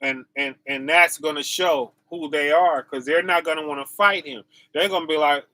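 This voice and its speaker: Bright-voiced man preaching a loose, slangy sermon. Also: a little high, normal speed, dry recording. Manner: casual slang, repetitive "right?" and "y'all"; laughs to himself, dips quiet then bursts loud. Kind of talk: informal sermon.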